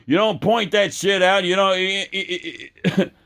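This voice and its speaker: A man's voice: high voice, fairly even intonation, unhurried, vocal fry, fairly bright tone, clean tone. A man delivering an angry, profane political rant with many stumbling restarts. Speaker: political commentator.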